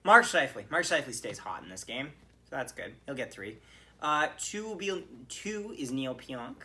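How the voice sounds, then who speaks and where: Male podcast host, bright and edgy tone, animated fan reaction with frequent cursing. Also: medium pitch, normal speed. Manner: animated, swearing, ranting. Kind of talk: solo hockey game reaction.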